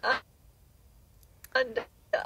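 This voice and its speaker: Speaking to a live news broadcast from inside a moving car, a woman from England with an English accent is in grief, crying and faltering as she cuts her sentences short. Her voice sounds pushed and bright over poor-quality audio.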